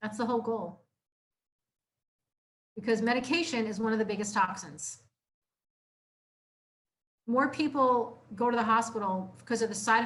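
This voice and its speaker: A young adult woman chiropractor giving an informal health talk to a live audience, casual and earnest, repeating herself and filling pauses with "like" and "you know.". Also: a little high. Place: community room, live audience.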